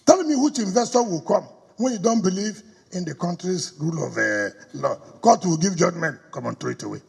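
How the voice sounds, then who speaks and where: A middle-aged man with a Nigerian accent makes a combative campaign speech in a reverberant hall. His voice sits high for a man and is heavily gravelly and husky. The room's long echo trails behind every line. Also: animated, brisk. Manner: combative, rhetorical questions, switches into pidgin. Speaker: politician addressing party stakeholders. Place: government house hall. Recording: echoey hall recording.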